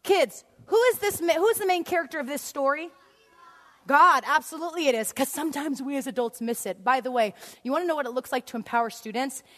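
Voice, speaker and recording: A woman preaches to a church crowd in a storytelling way, laughing often and acting out the people in her story. Her voice sits a little high. The sound rings with the long echo of a big hall. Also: fast. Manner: animated, laughs often, acts out scenes. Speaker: guest speaker. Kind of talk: storytelling sermon. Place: church auditorium.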